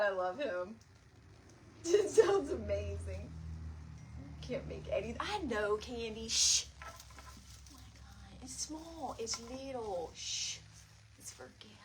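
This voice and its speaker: Woman, middle-aged, chatty livestream host, laughs a lot, faint background hiss. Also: slow. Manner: chatty, laughs often, greets viewers by name; animated, jumps to high pitch when retelling stories. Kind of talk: casual live chat with viewers.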